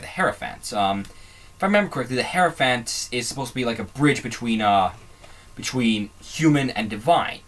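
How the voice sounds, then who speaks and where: This host's fan commentary video is casual and digressive, his sentences often trailing off only to begin again. He has a medium pitch and a fairly bright tone.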